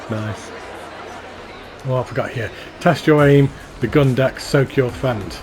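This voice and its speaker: A man's voice: mid-range voice, a little slow, pauses often, over music, crowd noise. A man giving casual, enthusiastic commentary while touring a theme park in a video game, rambling and repeating his praise. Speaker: YouTuber touring a fan-built theme park.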